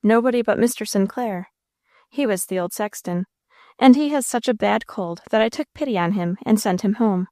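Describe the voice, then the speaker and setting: A woman voicing a calm, kind male minister who speaks quietly, gently and with firm authority. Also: medium pitch, no room sound, studio quality, close to an everyday voice.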